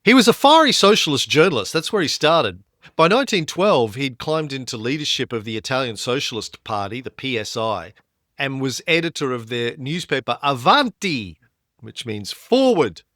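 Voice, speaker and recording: A man's voice: mid-range voice, sing-song, moderate pace, a bit bright, no echo, clean studio sound. A man co-hosting a history podcast, explaining events with frequent fillers and restarts. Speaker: podcast co-host.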